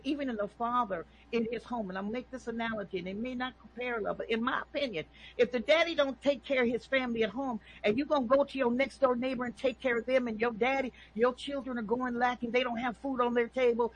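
A woman's voice: on the high side, slightly rough, rough recording. A woman calling in, talking emphatically and preachily about her views and often asking "okay?". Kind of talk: impassioned opinion talk.

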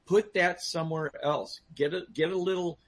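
A man's voice: a little high, fairly even intonation, moderate pace, breathy edge. A man speaking as a guest on a talk show, giving personal safety advice with emphatic restarts and questions aimed at the audience.

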